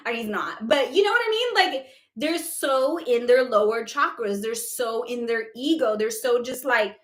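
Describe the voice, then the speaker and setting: A woman's voice: on the high side, animated, moderate pace, hardly any pauses, echoey room. A woman spiritual coach answering questions on a live stream, chatty and emphatic, often checking in with "okay?" and speaking bluntly. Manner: candid and blunt, with casual swearing.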